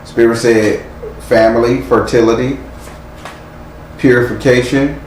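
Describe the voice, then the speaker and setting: A man's voice: mid-range voice, steady tone, a little slow. A man giving a live tarot reading, speaking bluntly and sternly with frequent profanity. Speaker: tarot reader. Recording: echoey room with faint noise.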